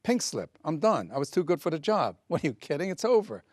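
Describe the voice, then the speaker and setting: A man's voice: fairly high pitch, sing-song, fairly quick, dry recording, clean studio sound. An older man, a comedian, recalling old stories earnestly in an interview and acting out the dialogue. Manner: earnest storyteller with quoted dialogue. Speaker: comedian guest. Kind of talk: interview reminiscence.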